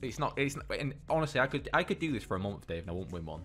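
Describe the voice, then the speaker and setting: Lad yelling and swearing through his gameplay commentary, voice jumping all over the place. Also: medium pitch, big pitch swings, racing, faint music behind. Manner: swears constantly, bursts into yelling. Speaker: gaming video host.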